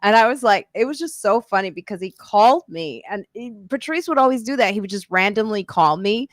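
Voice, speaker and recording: A middle-aged woman comedian hosting a live podcast, telling stories in a lively way and breaking into loud impressions. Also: medium pitch, fairly quick, no echo. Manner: animated storyteller, slips into loud impressions. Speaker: podcast host. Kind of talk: casual comedic chat.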